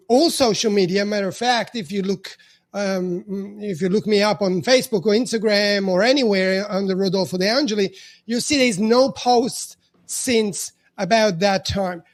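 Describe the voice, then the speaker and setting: A man in his fifties with an Italian accent, a podcast guest talking in a halting way, with many restarts and fillers. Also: high-pitched. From Italy. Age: 50s. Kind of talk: casual interview conversation.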